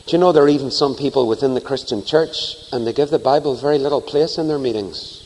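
Preacher with a lively delivery. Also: male voice, mid-range voice, fast, slight background noise. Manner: animated, acts out dialogue in voices. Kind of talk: sermon. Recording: long hall reverb.

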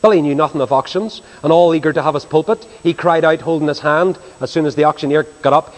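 A man preaching a sermon, telling stories in an animated, dramatic way. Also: a little high, quick pace, few pauses. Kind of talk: sermon storytelling. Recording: reverberant hall.

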